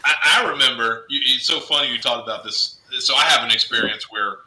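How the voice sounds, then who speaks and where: A man's voice: medium pitch, a little fast, sharp tone. A man joining a casual conversation, amused and telling his own story. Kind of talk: casual chat. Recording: roomy echo.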